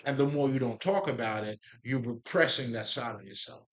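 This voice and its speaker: A man talks through spiritual ideas in a loose, rambling monologue at a middle pitch. He drifts off track, drops street slang and curses freely, then laughs and picks the thread back up. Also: a little fast. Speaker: spiritual talk host.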